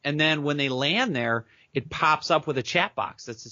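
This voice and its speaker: A man being interviewed as a business coach on a podcast, talking fast and eagerly and acting out chat messages as he goes. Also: on the high side, lively intonation, bright, forceful tone, no room sound, lo-fi sound. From Minneapolis area, United States.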